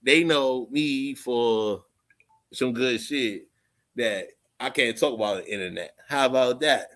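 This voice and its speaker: A man hosting a livestream, talking off the cuff in a profane, rambling way, repeating phrases and swinging from low muttering to loud outbursts. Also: unhurried. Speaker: livestream host. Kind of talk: unscripted livestream rant.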